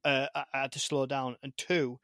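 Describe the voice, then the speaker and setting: A man with a strong British accent chats as a podcast guest over a video call. He rambles, restarts sentences and repeats words as he thinks aloud. His voice sits at a middle pitch and sounds dry, with no room around it. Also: level tone, normal speed, a bit bright, no echo. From Britain. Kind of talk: casual chat.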